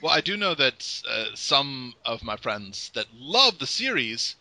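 Guy hosting a chatty interview, lively up-and-down voice, pretty bright, dry close mic. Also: mid-range voice, measured pace, no echo, rough recording. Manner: chatty, animated, with hesitant restarts. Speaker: podcast host. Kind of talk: casual interview.

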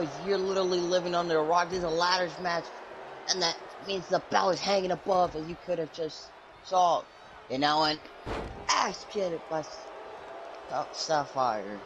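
Male play-by-play host, high voice, noisy recording, jokey, yelps at big moments. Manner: jokey, bursts into high yelps when surprised. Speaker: host and commentator. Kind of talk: excitable play-by-play commentary.

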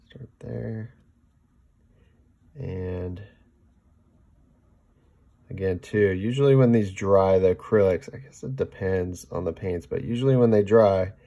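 A man with a low, gravelly voice walks through a painting demo in a relaxed, chatty way. He keeps checking in with "okay?" and lets his words drift quieter as he focuses on mixing paint. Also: dull audio. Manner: talks while mixing paint, trailing off softly. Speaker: painting instructor. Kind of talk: casual painting demonstration.

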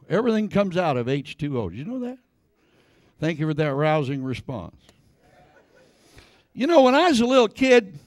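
An older man preaching a sermon in church, telling folksy stories and breaking into shouts. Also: on the high side, dry recording, clean studio sound. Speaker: pastor.

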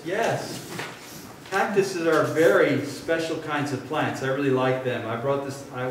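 A man leading a children's message at a church service, speaking gently and playfully to a young child and telling a story. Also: mid-range voice, recorded from a distance, noisy background. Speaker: pastor. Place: church sanctuary. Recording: echoey sanctuary, mic from afar.

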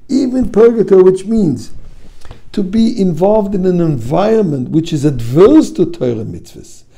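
A rabbi gives a sermon, rising and falling in pitch with lively storytelling energy. His voice is dark and mellow with a gravelly rasp, and it sits a little high for a man. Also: moderate pace. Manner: animated storytelling with Hebrew and Yiddish terms.

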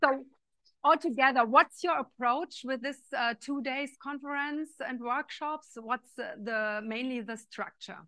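A woman's voice: high voice, measured pace, sharp tone. A woman with a German accent, a native German speaker, moderating a conference in a chatty way with many fillers.

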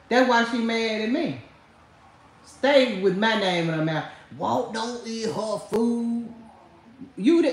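A woman hosting a livestream, mocking someone and laughing as she talks straight to her viewers. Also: a little high. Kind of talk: trash-talking livestream rant. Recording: echoey room.

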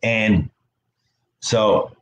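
Middle-aged male pastor, lowish voice, casual sermon delivery, repeats himself, mimics quoted speakers. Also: drawn-out words, a little hiss or hum, low-quality recording. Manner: conversational, repeats words, acts out quoted voices. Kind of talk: casual Bible teaching.

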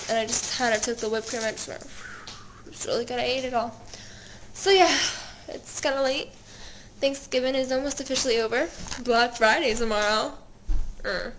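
A woman's voice: on the high side, a bit bright, slight background noise. A young woman vlogging casually from her family's home, chatty and giggly with lots of fillers. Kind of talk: casual vlog chat.

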